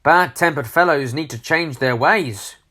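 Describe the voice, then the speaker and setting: A man voicing a cheerful, polite male storybook gentleman in a chirpy, high voice. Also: measured pace. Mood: cheery.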